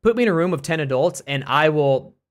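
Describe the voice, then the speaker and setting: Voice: medium pitch, a little fast. American streamer telling a story, rambling. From United States. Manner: animated, rambling, with restarts and "like" fillers. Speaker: streamer and teacher. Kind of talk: casual storytelling on a live stream.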